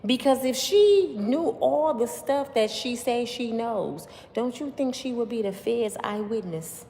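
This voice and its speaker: A woman delivers opinionated commentary in an emphatic, preachy way, with constant rhetorical questions to her viewers. Her pitch swings widely. The voice carries a long, roomy reverb over faint background noise. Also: expressive, a little slow, dark tone. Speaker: commentary vlogger.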